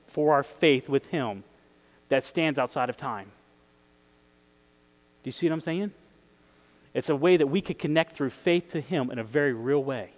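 A man preaching a casual sermon, conversational and chuckling, putting questions to his listeners. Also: medium pitch. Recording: hall with long reverb.

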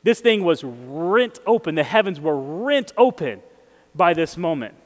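Male preacher, slightly high voice, casual and conversational with questions to the audience; long hall reverb. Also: big pitch swings, unhurried. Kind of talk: casual sermon.

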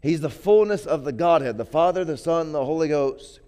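A man's voice: fairly high pitch, normal speed, darkish tone, clear, resonant tone. A man preaching a sermon in a conversational way, often repeating words and building to emphatic peaks. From grew up poor.

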